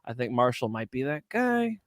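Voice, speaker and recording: A man co-hosting a casual sports betting chat, rambling and animated, swearing often and tripping over his words. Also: mid-range voice, normal speed, no echo, studio quality. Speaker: co-host of a fight betting show.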